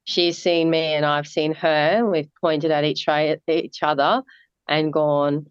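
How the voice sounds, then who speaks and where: A woman in her thirties with an Australian accent, a guest in a casual interview, talking haltingly with many fillers and restarts. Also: sits low, little pitch movement, clean tone, no echo, dull audio. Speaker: guest, marathon runner.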